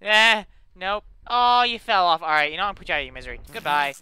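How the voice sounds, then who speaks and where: Excitable high-voiced man taunting on a let's play. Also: fast, clean tone, no room sound. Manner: playful taunting, excited shouts. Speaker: gamer doing a let's play. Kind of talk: excited gameplay commentary.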